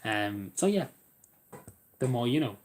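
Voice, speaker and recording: Young irish guy on a stream, rambly, trips over his words, talks to chat by name, middle pitch. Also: big pitch swings, unhurried, a little hiss or hum. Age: young adult. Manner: rambling, with stumbling restarts, talking to viewers by name. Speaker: live streamer reading chat. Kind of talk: casual live-stream chat.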